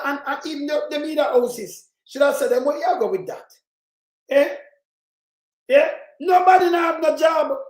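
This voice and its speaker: Jamaican male commentator, excitable and mocking, high-pitched, recorded in an echoey room. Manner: excitable, mocking, often shouting. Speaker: political commentator. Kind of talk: animated political commentary.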